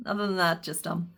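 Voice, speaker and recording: A woman's voice: fairly low pitch, a bit bright. A woman teaching a crochet pattern step by step, counting stitches aloud and breaking into giggles. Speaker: crochet instructor. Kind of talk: step-by-step craft tutorial.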